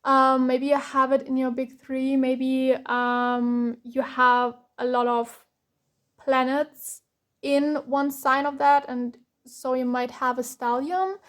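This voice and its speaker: Give me a high-voiced young woman from Germany reading tarot, emotional and hesitant, near tears. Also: level tone, takes it slowly, a bit bright. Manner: emotional, close to tears, hesitant with many fillers. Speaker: tarot reader.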